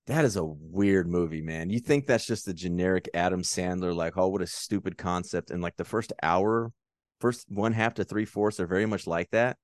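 A young man co-hosting a casual movie podcast, talking in an animated way and acting out lines in exaggerated voices. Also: low voice, moderate pace, dry recording, clean studio sound. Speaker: podcast co-host.

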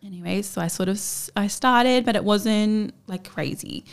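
A young Australian woman in her twenties tells a personal story as a podcast guest. Her voice sits at a middle pitch, and she talks in a chatty, animated way. She slips into the voices of the people she quotes. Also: moderate pace, creaky, clear, resonant tone.

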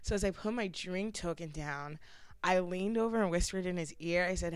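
A woman's voice: lowish voice, normal speed, smooth, no echo. Young New woman telling a story. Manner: lively, laughing often, animated storytelling. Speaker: podcast host. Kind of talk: casual storytelling chat.

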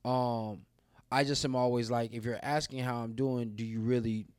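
Podcast co-host, a man from the American South, candid and animated, mid-range voice, dry close mic. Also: medium pitch, normal speed, clear, resonant tone, no echo. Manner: candid, animated storyteller who acts out quoted dialogue. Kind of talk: casual chat.

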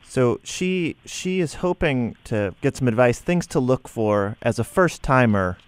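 A man co-hosting a radio talk show, dry and low-key. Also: animated, a little slow, smooth, dry recording. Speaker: radio host. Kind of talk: casual radio chat.

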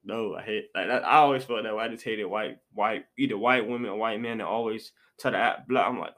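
A man's voice: fairly low pitch, a little fast, few pauses, a bit bright. A young man hosting a casual podcast chat, loose and slangy, repeating his phrases as he goes. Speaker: podcast host.

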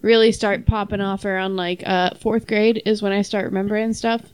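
A woman's voice: mid-range voice, little pitch movement, fairly quick, darkish tone, smooth, no room sound. A woman co-hosting a casual podcast with friends, teasing and laughing often. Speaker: podcast co-host. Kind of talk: casual chat among friends.

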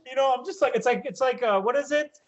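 A man with a high-pitched voice spins a wild story on a podcast, animated and full of swearing. He breaks into loud shouted impressions of himself when he quotes his own reactions. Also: quick pace, muffled recording, crowd noise. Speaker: podcast co-host. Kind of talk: casual storytelling chat.

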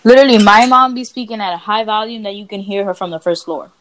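A woman's voice: medium pitch, fast, a bit bright, slight background noise. A woman co-hosting a casual podcast, telling stories in a blunt, profane way. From Dominican family. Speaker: podcast co-host. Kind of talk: casual chat.

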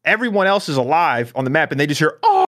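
A man co-hosting an esports podcast, talking casually in rambling, animated bursts with restarts and swearing. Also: a little high, quick pace. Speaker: podcast co-host.

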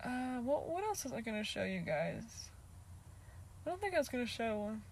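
A sing-song, high-leaning female voice at normal speed, with a little background noise, belongs to a vlogger in her twenties. She tells viewers a loose, chatty storytime packed with "like," plenty of swearing, and frequent laughs.

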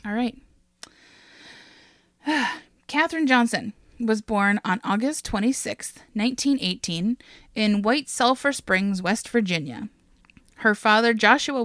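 A woman's voice: mid-range voice, a bit bright, no echo, studio quality. A woman hosting a casual chat podcast, retelling a history story with frequent laughs and casual swearing.

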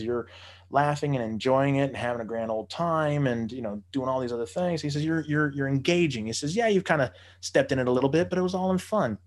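A man's voice: medium pitch, darkish tone. A man telling a long, profane story in casual chat, laughing often and acting out the people he quotes. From United States. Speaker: podcast storyteller.

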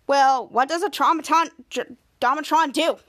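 A woman reading the lines of an eccentric male inventor, explaining in halting stops and starts. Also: sits high, a bit bright. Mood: matter-of-fact.

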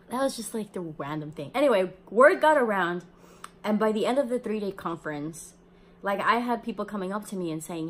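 A woman's voice: mid-range voice, animated, brisk, a little hiss or hum. A young woman hosting a podcast, telling a personal story in a chatty way, laughing often and acting out the people she quotes. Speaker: podcast host.

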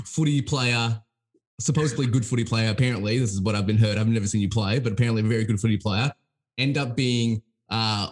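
Teasing Australian bloke hosting a podcast. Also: male voice, lowish voice. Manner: blokey, teasing, repeats words when excited. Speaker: podcast host. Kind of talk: casual interview chat.

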